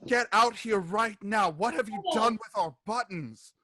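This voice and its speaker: A man voicing a bossy, furious noblewoman who shouts her demands in a tabletop game. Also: on the high side, a little slow, no room sound.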